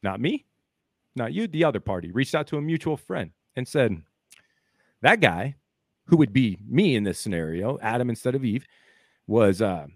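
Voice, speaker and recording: Animated Midwestern man on a podcast. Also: mid-range voice, normal speed, long pauses, dry recording, clean studio sound. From American Midwest. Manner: rambling, hypothetical storytelling that swings from mutters to heated outbursts. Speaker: podcast co-host. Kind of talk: casual podcast chat.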